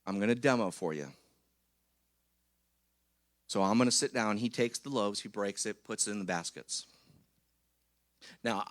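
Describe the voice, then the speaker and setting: A man's voice: on the low side, a bit bright, dry recording, clean studio sound. Chatty man preaching a sermon. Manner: chatty, jokey, keeps checking in with the congregation. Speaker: pastor. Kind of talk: conversational sermon. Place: church.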